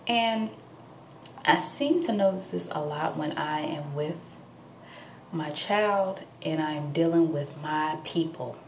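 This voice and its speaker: A woman's voice: low-pitched, takes it slowly, distant mic. A tired young woman in her twenties venting to camera at home late at night, chatty and full of fillers. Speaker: vlogger. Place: at home, indoors. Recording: echoey room, off-mic, faint background noise.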